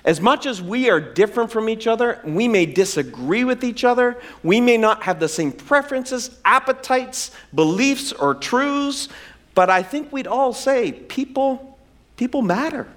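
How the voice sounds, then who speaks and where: A man's voice: very high voice, lively intonation, normal speed, fairly bright tone. A man in his forties preaching a sermon, conversational and humorous with self-deprecating asides. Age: 40s. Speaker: pastor.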